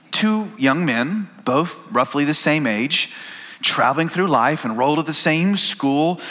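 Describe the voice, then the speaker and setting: A man preaching a sermon, telling stories in a relaxed, conversational way with small restarts. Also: on the high side. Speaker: pastor.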